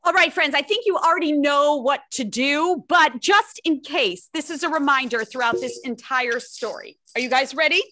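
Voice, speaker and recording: High, bright woman cantor, playful sing-song lead, chants scripture. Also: normal speed, hardly any pauses. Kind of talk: leading a congregation, chanting scripture.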